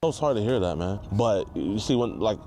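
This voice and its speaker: A man's voice: lowish voice, animated, a little fast, loud music behind the voice. A man interviewing someone on camera, pressing with earnest questions. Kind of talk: confrontational street interview.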